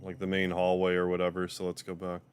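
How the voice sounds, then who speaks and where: A man streaming a game, reading its story aloud in a steady voice and dropping casual asides. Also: low-pitched, fast, slight background noise. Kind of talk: reading a visual novel aloud on a livestream.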